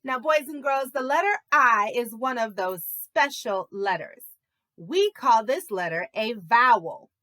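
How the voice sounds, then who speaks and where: A woman teaches a lesson to preschoolers, drawing out her words at an unhurried pace. Her voice is bright and a little high, and it swoops up and down in an exaggerated, encouraging sing-song. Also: animated. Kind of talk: teaching a video lesson to young children.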